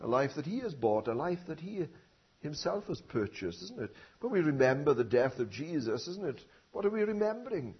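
A man preaching a sermon, often tagging his points with questions and building up to loud emphatic phrases. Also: a little high, expressive, moderate pace, breathy edge, lo-fi sound. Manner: rhetorical tag questions, swelling emphasis.

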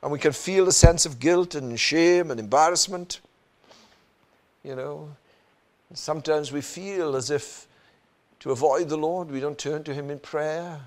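High-voiced earnest male preacher. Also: unhurried. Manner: earnest, rhetorical questions, frequent "you know" and "isn't it". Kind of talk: sermon.

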